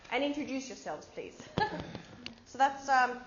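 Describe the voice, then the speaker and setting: A woman's voice: high voice, big pitch swings, measured pace. A woman presenting at a conference workshop, explaining ideas through everyday examples and giving the audience instructions. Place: conference room. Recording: echoey room, dull sound, background noise.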